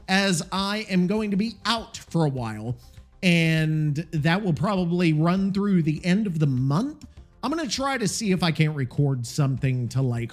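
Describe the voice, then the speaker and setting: A man hosting a solo podcast, rambling and swearing a lot, sounding tired. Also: fairly high pitch. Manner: profane, rambling, animated. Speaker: podcast host. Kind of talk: casual solo podcast rant.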